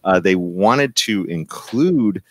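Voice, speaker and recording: A man's voice: sits low, expressive, slow pace, fairly bright tone, dry recording. A man hosting a podcast panel over a remote call, talking in a loose, laid-back way with many fillers and chuckles. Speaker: podcast host. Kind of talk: casual panel discussion.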